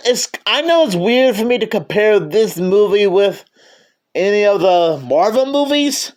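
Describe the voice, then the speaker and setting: A man giving a casual movie review, stammering and often restarting his sentences. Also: high voice.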